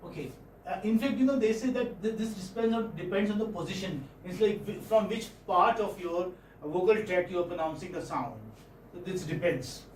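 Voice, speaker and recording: A man with an Indian English accent giving a classroom phonetics lecture, halting and often checking in with students. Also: high voice, a little hiss or hum. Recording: roomy classroom audio from far off.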